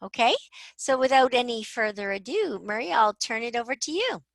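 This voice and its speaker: A woman's voice: fairly high pitch, expressive, moderate pace, vocal fry, dry recording. A woman hosting a video-call webinar, introducing a guest in a chatty, conversational way and correcting herself lightly as she goes. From Canada. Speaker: webinar host.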